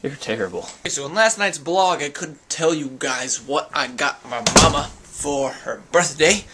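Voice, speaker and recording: Excitable young man vlogging, lively pitch. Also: moderate pace, background noise. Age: young adult. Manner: excitable, chatty, jumps into squeals. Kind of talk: casual daily video blog. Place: at home, in a car and outdoors on campus.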